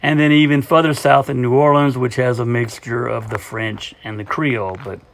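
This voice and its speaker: A man's voice: medium pitch, slight background noise. Man with a thick Southern drawl. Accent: Southern US, Gulf Coast. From US Gulf Coast. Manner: relaxed, unhurried, with frequent fillers. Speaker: hiker vlogger. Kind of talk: casual trail vlog talk. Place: outdoors on a hiking trail.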